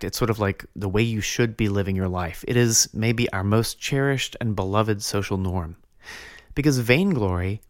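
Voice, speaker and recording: A man's voice: on the low side, no room sound, studio quality. Casual, earnest man giving a spiritual talk. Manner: casual and conversational, many fillers, earnest. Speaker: Christian teacher. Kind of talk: spiritual teaching talk with storytelling.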